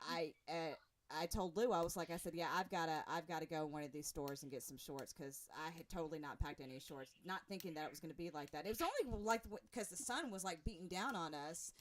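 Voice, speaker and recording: A woman's voice: low voice, quick pace, slight background noise. Chatty woman podcast host. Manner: chatty, encouraging. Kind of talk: casual chat.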